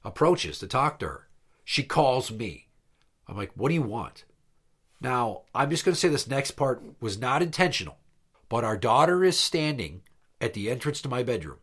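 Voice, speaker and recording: A man in casual podcast chat, recounting events in a blunt and profane way. His voice sits at an ordinary middle pitch and he sounds worn out with the whole affair. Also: big pitch swings, normal speed, fairly bright tone, breathy edge. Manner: blunt, profane, exasperated retelling. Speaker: podcast host.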